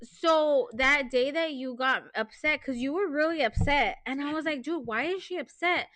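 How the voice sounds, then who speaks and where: A woman in her thirties co-hosts a casual podcast and tells stories with lively, unfiltered swearing. Her voice sits high and sounds bright and forceful. The recording is close and dry. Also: moderate pace, dry recording. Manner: animated storyteller, swears freely. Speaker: podcast co-host. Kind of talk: casual chat.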